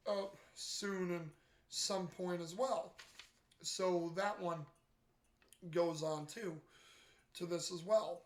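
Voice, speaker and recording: Rambling host recapping an episode in a casual way, flat delivery, many fillers and self-corrections, recorded in a roomy space. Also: mid-range voice, unhurried. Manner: rambling, heavy on "you know" fillers, corrects themselves mid-sentence. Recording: roomy echo.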